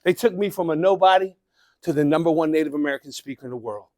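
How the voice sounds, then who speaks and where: Keynote speaker, middle-aged man, high voice, dry close sound, calls out and shouts to the room. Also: fast, no echo. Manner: animated, calls out to the crowd, bursts into shouting. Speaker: motivational speaker. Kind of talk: live keynote speech to an audience. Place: conference event room.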